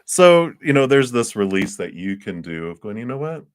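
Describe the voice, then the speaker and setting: Man, tarot reader, very deep voice, casual chatty live reading, laughs a lot, dry close sound. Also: big pitch swings, moderate pace, clear, resonant tone, dry recording. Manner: chatty, laughs often, acts out quoted people.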